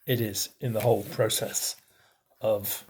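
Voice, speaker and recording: A middle-aged man, a bishop, giving a recorded teaching talk on communication, stressing key words with pauses and swings in loudness. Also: fairly low pitch, flat delivery, slightly rough.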